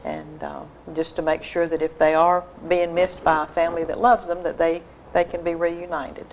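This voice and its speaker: A woman speaks as a guest on a local TV show, explaining things earnestly and steadily. She uses lots of fillers as she goes. Her voice is somewhat low, with faint hiss behind it. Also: expressive, normal speed, poor audio. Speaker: humane society volunteer guest. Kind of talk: casual interview.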